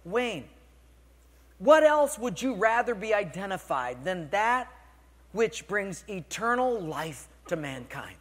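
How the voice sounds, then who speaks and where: A man's voice: sits high, sing-song, takes it slowly, pitched above the performer's own voice, exaggerated voice. A man preaching voices God speaking to him, solemn and declaiming in a long hall reverb. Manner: declaiming, rising and forceful. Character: God, a divine male voice, solemn and commanding.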